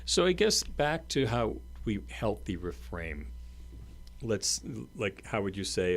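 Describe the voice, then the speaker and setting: A man's voice: lowish voice, big pitch swings, takes it slowly, slight background noise. A man co-hosting a podcast, explaining ideas in an earnest, conversational way with many fillers. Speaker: podcast co-host. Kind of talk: casual conversation.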